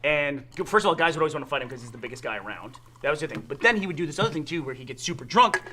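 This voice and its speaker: A man casually telling funny stories on a podcast, animated and laughing as he goes. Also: a little high, racing, noisy background. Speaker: podcast regular. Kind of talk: casual storytelling.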